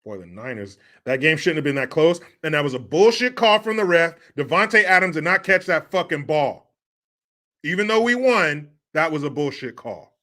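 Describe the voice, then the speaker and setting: Guy reading his stream chat out loud, bright voice that jumps all over, cussing and trash talking. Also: fairly high pitch, animated, normal speed. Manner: loud, profane banter with frequent laughter; teasing rival sports fans. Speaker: livestream host reading chat. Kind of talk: casual chat.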